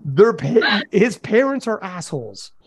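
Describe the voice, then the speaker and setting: A man telling profane, animated stories as a podcast co-host in casual chat. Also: sits high, a little slow, slightly rough, no room sound.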